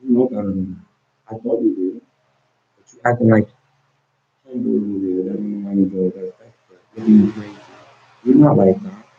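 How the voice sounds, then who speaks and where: A man speaks straight to the camera in an intense, emotional monologue, pleading and confrontational, frequently repeating and restarting his words. His voice is on the low side with a breathy edge, at a moderate pace with long pauses, captured on a dull lo-fi recording.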